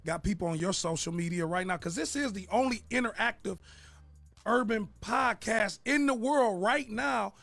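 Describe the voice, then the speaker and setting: An excitable man co-hosting a morning radio show, hyping listeners up to call in. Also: high voice, normal speed, creaky, dry recording. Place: radio studio.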